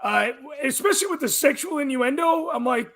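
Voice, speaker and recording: A man's voice: very high-pitched, expressive, brisk, fairly bright tone. A man who is the guest host on a casual podcast chat, rambling and laughing as he gives his opinions. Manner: rambling, laughing, with frequent restarts.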